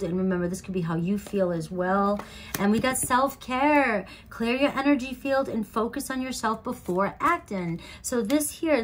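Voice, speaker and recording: Young woman doing a chatty tarot read for her viewers, casual, mid-pitched voice, lots of "all right"s. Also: slight background noise. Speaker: tarot reader. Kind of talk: casual tarot reading to camera.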